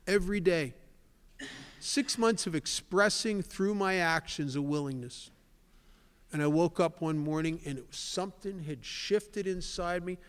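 An older man tells his story with candor to a recovery meeting. His voice sits a little high for a man and grows loud when he drives a point home. It rings with long reverb in a hall. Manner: candid storyteller, swells loud for emphasis. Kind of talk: personal testimony talk.

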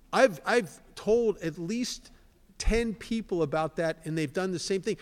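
A man's voice: fairly high pitch, animated, normal speed, some chatter behind, a little hiss or hum. Candid older man in an echoing hall. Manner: candid storyteller, swells loud for emphasis. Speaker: recovery meeting speaker. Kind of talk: personal testimony talk. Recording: long hall reverb.

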